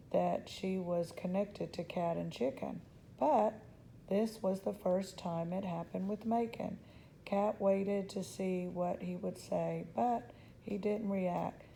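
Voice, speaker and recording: A woman reading a children's novel aloud in a gentle, unhurried storytelling voice. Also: medium pitch, fairly even intonation, vocal fry, a little hiss or hum, rough recording. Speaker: storybook reader.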